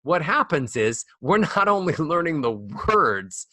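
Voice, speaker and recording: A man's voice: on the high side, sing-song, unhurried, bright, forceful tone, no room sound. A man talking as a voice coach guest on a podcast, playful and acting out the voices of others. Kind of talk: animated podcast conversation.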